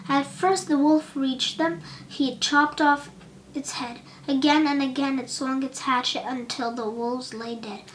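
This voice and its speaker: Slow, high-voiced woman reading a storybook. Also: a little hiss or hum. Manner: slow, expressive, occasional slips. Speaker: audiobook narrator. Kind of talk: storybook narration for children.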